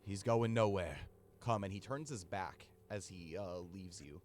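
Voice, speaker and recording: A man voicing a gruff, weary male companion who gives curt, terse orders. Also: low voice, measured pace, darkish tone. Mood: firm.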